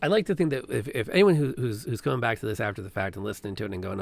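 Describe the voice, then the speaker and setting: A man's voice: medium pitch, expressive, fast talker, gravelly, no echo. A man co-hosting a casual live-streamed chat, speaking in an earnest, reflective way as he sums up advice. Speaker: podcast co-host.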